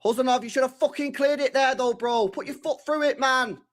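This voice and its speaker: A young man live-streaming his reaction to a football match, excitable and slangy, shouting at the screen and swearing. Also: very high-pitched, a little fast.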